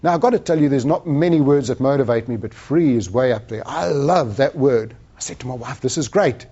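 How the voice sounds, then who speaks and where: Man, motivational sales talk, animated storytelling, mellow voice, dull lo-fi sound. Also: mid-range voice, a little fast, slightly rough. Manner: animated storyteller acting out dialogue. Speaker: sales trainer and speaker.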